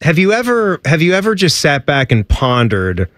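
A man's voice: a little high, very animated, normal speed, a bit bright, no room sound. A man co-hosting a casual talk show, conversational and filler-heavy. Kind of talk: casual chat.

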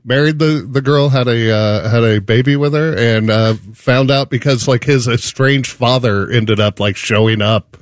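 A man's voice: medium pitch, normal speed, hardly any pauses, no room sound. A man telling a casual anecdote about a coworker in plain, easy speech.

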